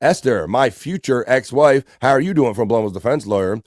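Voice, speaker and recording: A man's voice: medium pitch, expressive, normal speed, darkish tone, no echo, studio quality. A man with a US East Coast accent hosting a casual livestream, upbeat, reading chat messages aloud and greeting people by name. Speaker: livestream host.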